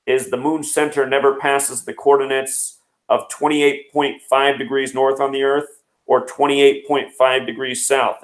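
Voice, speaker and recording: A man's voice: mid-range voice, echoey room, rough recording. Man in his thirties rattling off numbers. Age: 30s. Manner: rapid, number-heavy explaining. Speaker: host. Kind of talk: numerology news commentary.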